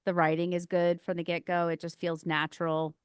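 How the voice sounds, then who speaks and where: A woman co-hosting a podcast, giving relaxed, thoughtful opinions in casual chat. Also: on the low side, a little fast, clear, resonant tone, dry recording, studio quality. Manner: relaxed, thoughtful film critique. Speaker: podcast co-host.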